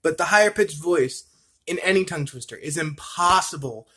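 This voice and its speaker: Male vlogger, a bit high-pitched, rambling casual chat, self-mocking, drills tongue twisters. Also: animated, moderate pace, bright, forceful tone, husky. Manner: rambling, chatty, laughs at himself, repeats tongue twisters.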